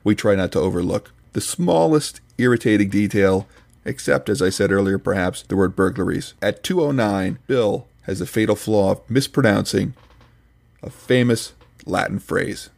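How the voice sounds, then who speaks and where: A man's voice: lowish voice, moderate pace, vocal fry, a little mellow. A man hosting a podcast, reading scripted commentary in a dry, mock-serious, pedantic manner. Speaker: podcast host reviewing another podcast.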